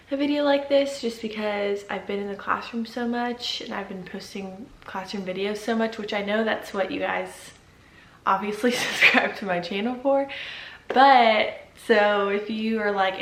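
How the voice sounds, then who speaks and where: A young woman in her twenties chatting casually to camera at home, bubbly and quick to laugh, with a just-woken morning voice. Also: mid-range voice, fairly bright tone. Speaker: vlogger and teacher. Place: at home indoors. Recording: echoey room.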